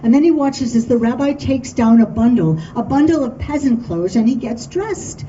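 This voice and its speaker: A woman tells a folk tale to a dinner audience with lively, expressive pacing. Her voice is fairly high and mellow. The recording is dull and distant, with faint room ambience behind her. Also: normal speed, slight background noise. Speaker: storyteller. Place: dinner event hall.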